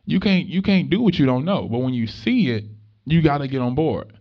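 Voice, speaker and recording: A young man giving a motivational talk to students, telling stories in an animated, conversational way with street slang. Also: fairly high pitch, fairly quick. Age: young adult. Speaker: motivational speaker. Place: room with a live student audience. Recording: dull lo-fi recording.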